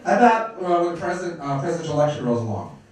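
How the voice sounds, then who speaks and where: A man's voice: a little high, sing-song, racing, noisy background. A middle-aged man doing a wisecracking stand-up set, working the crowd. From Brooklyn, New York. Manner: brash, wisecracking, crowd work. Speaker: stand-up comedian. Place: comedy club stage. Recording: echoey club from far off.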